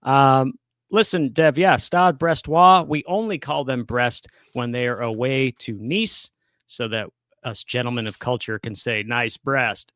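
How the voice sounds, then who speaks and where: A man's voice: medium pitch, measured pace, a bit bright, no echo. A man co-hosting a sports betting podcast, chatting casually and joking with easy laughs. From United States. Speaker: co-host of a soccer betting podcast.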